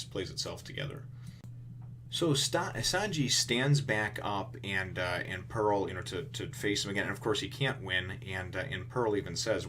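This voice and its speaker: A man's voice: deep voice, a bit bright, a little hiss or hum. A man reviewing a comic chapter in casual, rambling commentary, full of restarts and "you know".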